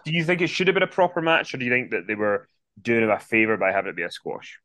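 A man co-hosts a laid-back wrestling podcast, chatty and loose, often pausing on an "um". His voice sits at an ordinary middle pitch and comes through dry and close to the mic. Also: a bit bright, no room sound. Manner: chatty, reads out quotes with frequent ums. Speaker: podcast co-host. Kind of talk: casual wrestling podcast chat.

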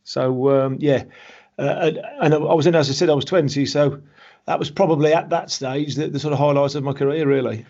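Husky-voiced former footballer in his fifties. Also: on the high side, fairly even intonation, fairly quick, darkish tone. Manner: friendly, banter, repeats words when starting. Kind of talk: casual interview chat. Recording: dull lo-fi remote audio.

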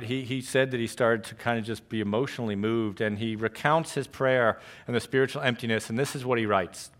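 Storytelling preacher man from New York. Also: mid-range voice. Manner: storytelling preacher, shifts from loud to hushed. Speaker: pastor. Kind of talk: sermon.

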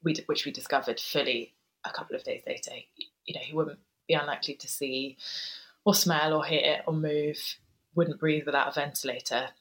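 A woman in her thirties, a guest author telling a personal story in an interview, soft-spoken and hesitant, pausing often with ums. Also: deep voice, fairly even intonation, low-quality recording.

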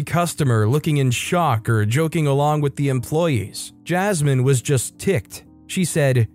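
A man's voice: a little high, animated, measured pace, few pauses, darkish tone, faint music behind. A man narrating internet stories in a wry, playful scripted style, slipping into mock voices for quoted lines. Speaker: story narrator.

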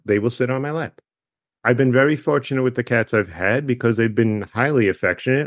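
A man guest chatting loosely in an interview, his voice neither high nor low. He rambles happily into side tracks before finding his way back. The sound is close and dry, with no room around it. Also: no echo. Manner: chatty, wanders into tangents. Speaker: author guest. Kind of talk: casual interview chat.

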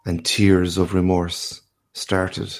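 A man narrating a classic short story aloud in a measured, unhurried way. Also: low voice, completely flat delivery.

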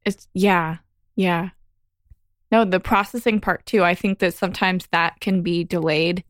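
A woman's voice: fairly low pitch, a little slow, dry recording. A woman guest on a podcast, candidly telling a personal story in casual conversation. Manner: candid storytelling, animated when quoting herself.

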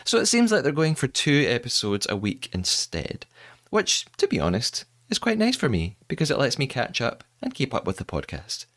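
A man's voice: mid-range voice, wildly swooping pitch, moderate pace, fairly bright tone. A man hosting a podcast in a casual, chatty monologue, playful and self-mocking as he runs through news. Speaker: podcast host.

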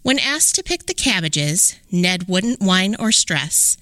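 A woman hosting a podcast, reading a rhyming children's story aloud in an expressive, sing-song way. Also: on the low side, slow pace, dry recording. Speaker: podcast host.

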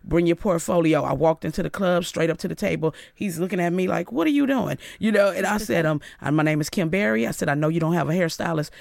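A woman's voice: quick pace, creaky, hardly any pauses, no room sound. A middle-aged woman from Inglewood, California, a guest in a radio studio, telling stories animatedly and acting out the voices in them. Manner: lively, acts out quoted dialogue with big pitch jumps. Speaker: guest, celebrity hairstylist. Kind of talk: animated storytelling interview.

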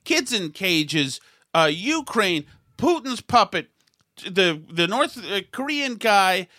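A man's voice: sits high, sing-song, slow pace, sharp tone, no echo, clean studio sound, pitched above the performer's own voice, full character voice. A man putting on the voice of a smug man who parrots shallow slogans, with sarcastic, repetitive agreement.

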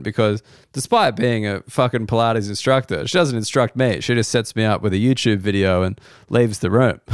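An Australian comedian hosting a solo podcast, telling loose, profane stories with mock-excited outbursts. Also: male voice, lowish voice, clear, resonant tone, no echo, studio quality. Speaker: comedian host.

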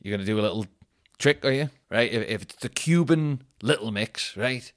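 A man's voice: medium pitch, normal speed. A man hosting a podcast, telling rambling, jokey stories full of fillers and restarts. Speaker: podcast host. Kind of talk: casual storytelling.

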